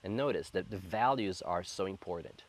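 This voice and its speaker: Low-voiced earnest man in his thirties. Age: 30s. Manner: earnest, reflective, slow and heartfelt. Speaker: spiritual coach. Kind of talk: personal spiritual storytelling to camera.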